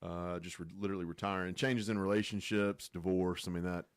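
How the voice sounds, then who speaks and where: A man's voice: low voice, steady tone, fairly quick, smooth, no room sound, studio quality. A man hosting a real estate radio show, chatting casually with frequent restarts and fillers. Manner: jokey, laughs often, frequent restarts.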